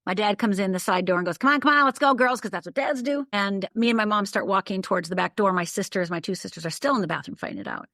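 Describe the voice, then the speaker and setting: A woman's voice: mid-range voice, fast talker, gravelly, few pauses, a bit bright, no room sound, studio quality. An older woman from the northern United States telling a personal story as a podcast guest, vivid, detailed and emphatic. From Upper Michigan, USA.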